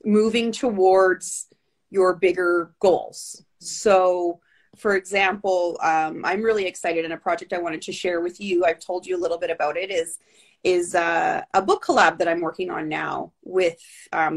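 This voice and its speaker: A woman talking in a casual interview over a video call, telling stories in a lively, chatty way with many asides. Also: lowish voice, creaky. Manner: chatty, animated storytelling with asides. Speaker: guest with Bell's palsy.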